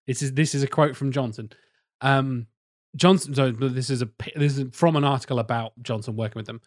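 A man's voice: mid-range voice, fairly even intonation, fairly quick, dry recording, studio quality. A man hosting a casual film podcast, swearing freely and quizzing his co-hosts. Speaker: podcast host.

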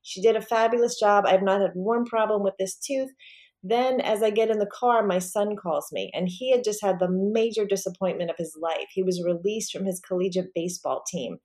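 A woman appears as a podcast guest, speaking a little fast at medium pitch as she tells a personal story with lots of energy. She's animated and acts out the voices of the people she quotes.

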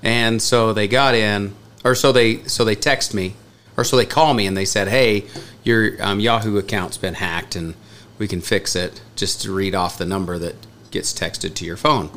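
A man's voice: fairly low pitch, steady tone, moderate pace, a bit bright, a little hiss or hum. A man co-hosting a casual podcast, telling a story with lots of laughter. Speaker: podcast co-host.

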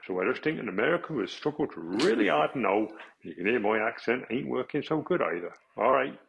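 A man's voice: mid-range voice, big pitch swings, brisk, gravelly, fairly bright tone, highs cut off. A man from Essex with an Essex accent, a listener sending a voice note, jokingly putting on a thick rural accent. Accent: Essex English, putting on a West Country voice. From Essex, England. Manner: jokey, plays up a rural accent. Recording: voice note played on the show.

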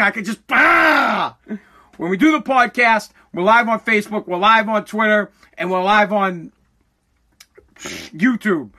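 A forty-year-old man hosting his podcast from a home basement, ranting angrily and profanely, bursting into yelling, his throat scratchy from dust. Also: high-pitched. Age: 40s. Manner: aggravated, swearing, bursts into yelling. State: throat irritated by dust, coughing. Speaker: podcast host. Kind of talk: angry profane rant.

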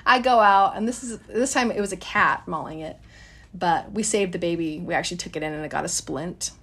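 A woman's voice: on the low side, brisk, fairly bright tone, husky. A woman in her thirties telling a story in a casual, chatty way, addressing listeners as guys.

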